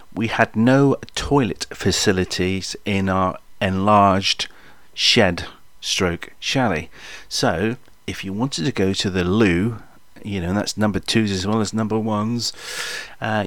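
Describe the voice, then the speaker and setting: A man's voice: deep voice, fairly bright tone, dry recording. A man in his sixties, casually telling a memoir story in a rambling, jokey way, with many ums and asides to the listener. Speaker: podcast storyteller.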